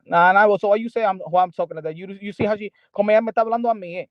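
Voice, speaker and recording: Heated high-voiced host. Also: male voice, rapid-fire, no room sound, dull audio. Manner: heated, mocking, switching between English and Spanish. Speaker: boxing channel host. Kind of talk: livestream commentary answering chat.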